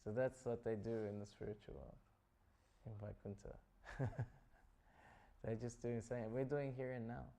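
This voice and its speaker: A man's voice: mid-range voice, steady tone, normal speed, vocal fry, long pauses, dark tone. A man giving a scripture class, retelling stories in a loose, chatty way full of "like" and "you know". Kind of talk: casual storytelling talk.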